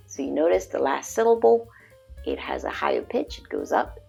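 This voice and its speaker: A woman teaching a language lesson, slowly demonstrating pronunciation. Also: low-pitched, wildly swooping pitch, creaky, a little mellow, breathy edge, soft background music. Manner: slow, deliberate demonstration of pronunciation. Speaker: French teacher.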